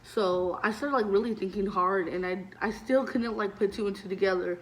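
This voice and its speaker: A woman's voice: medium pitch, moderate pace. Young woman vlogger, casual storytime delivery, chatty and loose, peppered with fillers and curses, mid-range voice. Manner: chatty, heavy use of "like" and swearing; animated retelling, voices loud when acting out scenes.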